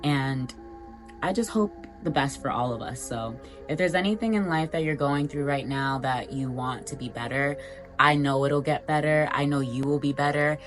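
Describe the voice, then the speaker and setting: A young woman with a notably low-pitched voice speaks in a casual motivational vlog. Her delivery is earnest and encouraging, loose and chatty, addressed straight to her viewers. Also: moderate pace, faint music behind. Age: young adult. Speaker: vlogger.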